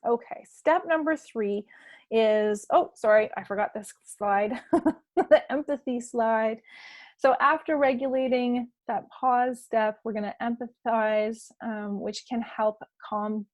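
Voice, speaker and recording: Thirties woman coaching parents over a live stream; earnest, loose delivery, bright-ish pitch, dry close mic. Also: takes it slowly, dry recording. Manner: casual and earnest, with frequent fillers and restarts.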